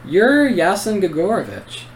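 A man's voice: huge pitch swings, measured pace, a little hiss or hum, exaggerated voice. A man reading aloud as a defiant teenage boy, lifting his voice well above his own. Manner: higher, pushed-up reading voice.

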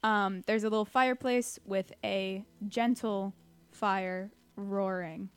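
Slow-talking woman game master. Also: medium pitch, clear, resonant tone. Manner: relaxed, hesitant with many fillers. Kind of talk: narrating a tabletop game.

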